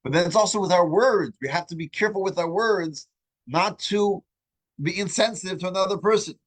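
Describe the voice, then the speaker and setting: A man teaching a weekly religious class, asking the group questions and telling stories in an animated way, often restarting his words. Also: sits high, brisk, rough recording. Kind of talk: lesson with storytelling.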